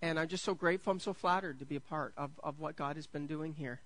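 A man, preaching a sermon as pastor. He is jokey and self-deprecating, stumbles over restarts, and builds to excited peaks. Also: fairly high pitch, fast, poor audio.

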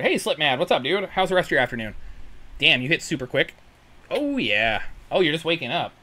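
A man's voice: medium pitch, lively intonation, fairly quick, bright, forceful tone. A man streaming a retro video game, chatting casually with a profane, joking, laid-back manner while greeting viewers. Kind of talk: casual gameplay chat, reading viewer messages. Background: retro game music.

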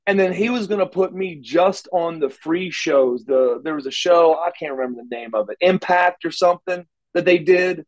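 Animated man telling wrestling stories. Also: a little high, normal speed, few pauses, low-quality recording. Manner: animated storyteller acting out dialogue, frequent restarts. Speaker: interview guest, former wrestler. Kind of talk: casual storytelling interview.

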